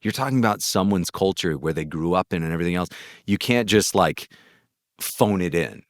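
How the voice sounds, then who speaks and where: A man from North Carolina, a voice actor, telling animated, rambling anecdotes in an interview, with a gritty chest voice. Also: low voice, fairly quick, no room sound, clean studio sound. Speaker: guest voice actor. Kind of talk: casual interview storytelling.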